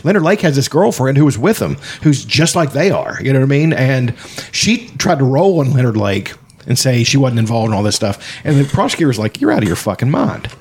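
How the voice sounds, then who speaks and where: A man in casual podcast chat, telling stories in a profane, animated way. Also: mid-range voice, brisk, husky.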